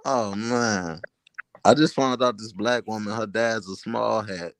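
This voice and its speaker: A man's voice: on the low side, unhurried, no echo. A man co-hosting a casual online panel, pressing a guest with pointed questions. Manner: challenging, questioning. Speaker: panel co-host.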